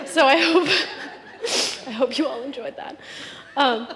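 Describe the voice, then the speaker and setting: A young woman speaks at a memorial service in a high, light voice, stopping and restarting as she laughs through her tears. Her words ring out with a long reverb in a large hall. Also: slow, crowd noise. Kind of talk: emotional memorial speech.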